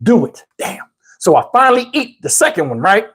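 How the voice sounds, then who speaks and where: A middle-aged man from New Jersey telling a comic story in a casual, animated, profane way, talking to listeners as y'all. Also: high-pitched, fairly quick, breathy edge.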